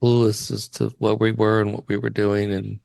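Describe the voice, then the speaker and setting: A man's voice: lowish voice, little pitch movement, normal speed, gravelly, a little mellow, dry recording. A man who works as a wealth advisor, chatting in an interview and telling stories with easy laughs. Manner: chatty storyteller, laughs easily. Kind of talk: casual interview chat.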